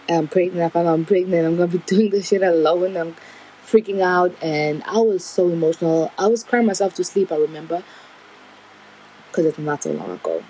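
A woman's voice: fairly low pitch, animated, brisk, mellow, breathy edge, rough recording. A young woman telling a personal story in a candid, rambling, emotional way. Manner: candid, rambling, emotional retelling with nervous laughs.

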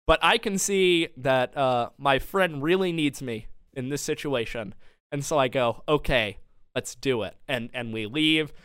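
A man's voice: medium pitch, measured pace, a bit bright, clean tone, no room sound, clean studio sound. A young man hosting a podcast, telling a long story in casual chat and laughing often. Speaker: podcast co-host. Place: home studio.

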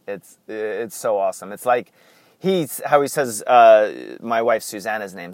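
A man's voice: on the low side, expressive, a little slow, dry recording. A man hosting a casual solo podcast, rambling, wandering off on tangents and chuckling often. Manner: chuckles often, many fillers. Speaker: podcast host.

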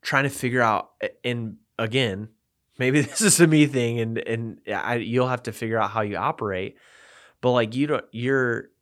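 A man's voice: medium pitch, moderate pace, a bit bright. A man co-hosting a casual podcast chat, reflective and thinking aloud as he talks. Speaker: podcast co-host.

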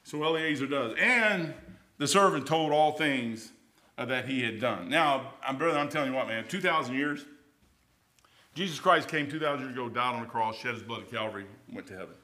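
A man preaching an informal sermon, folksy and conversational, rising loud and then dropping quiet. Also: medium pitch, lively intonation, fairly quick.

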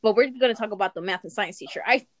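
A woman's voice: mid-range voice, rapid-fire. Profane, laughing young woman telling stories. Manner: laughing, profane, animated storytelling. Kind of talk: casual storytelling chat.

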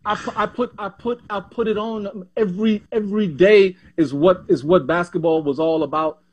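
A man in his sixties from Panama, a former basketball player telling stories as an interview guest, animated and often repeating himself. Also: sits high, normal speed, muffled recording. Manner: animated, repeats and restarts words. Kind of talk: casual interview storytelling.

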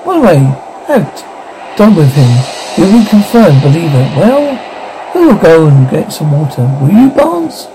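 A man reading the lines of a bold, mocking male ghost-hunter in a storybook, in a brisk, teasing manner. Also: a little high, very animated, background noise.

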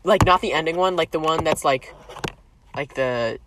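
A woman's voice: low-pitched, moderate pace, background noise. A young woman co-hosting a podcast, chatting casually, joking, swearing and slipping into silly voices. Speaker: podcast co-host. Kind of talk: casual chat.

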